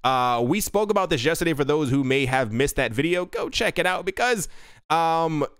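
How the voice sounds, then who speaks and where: A man's voice: fairly high pitch, lively intonation, normal speed, fairly bright tone, clean tone, dry recording, clean studio sound. A man hosting a crypto news show, reading out articles and adding rambling, self-correcting asides.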